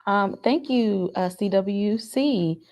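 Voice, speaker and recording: A woman's voice: mid-range voice, slow, a little mellow. A woman co-hosting a live fan discussion, chatting casually and reading out viewer messages and thanks. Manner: reads super chats, thanks viewers. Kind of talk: casual live-stream chat.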